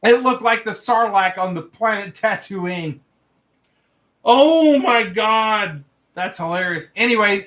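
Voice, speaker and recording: A man's voice: high-pitched, a bit bright. A young man hosting a livestream, reading viewer stories aloud and breaking off to laugh and swear in reaction.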